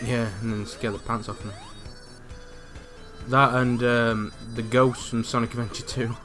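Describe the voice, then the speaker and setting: A man's voice: mid-range voice, little pitch movement, measured pace, fairly bright tone, soft background music. A young man with a casual, self-mocking manner, rambling and restarting sentences as he comments on a game over a voice call. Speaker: let's play commentator. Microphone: headset on a voice call.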